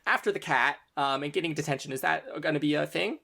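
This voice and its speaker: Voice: mid-range voice, fairly bright tone, voice pushed up. A game master voicing a flustered young female student who stutters and hunts for words. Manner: stuttering, halting, searching for words.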